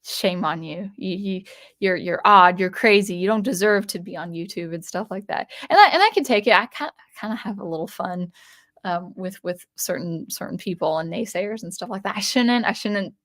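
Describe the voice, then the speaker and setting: A woman's voice: medium pitch, moderate pace, fairly bright tone. A woman hosting her own livestream, chatting casually in a rambling way with many restarts and repeated words. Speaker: channel host.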